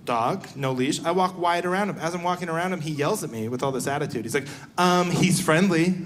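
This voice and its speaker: A man's voice: on the high side, quick pace, a little hiss or hum. A young man performing a stand-up comedy set on a live stage, telling stories and acting out the voices of the people in them. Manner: animated storytelling, acting out voices.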